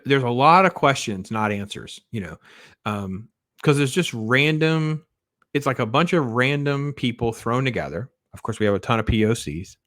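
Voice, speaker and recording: A man in the middle of a casual movie review. His voice sits at an ordinary pitch and comes through dry and close, with no room sound. He rambles and trails off, turning blunt and sarcastic. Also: a bit bright, dry recording. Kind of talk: casual spoiler review monologue.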